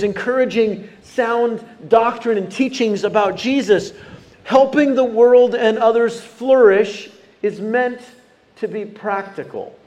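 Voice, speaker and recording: A man preaches a sermon with a notably high voice. He keeps the congregation involved, calling out questions and asking for responses as he speaks from a church. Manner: animated, engaging the congregation with questions. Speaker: pastor. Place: church sanctuary.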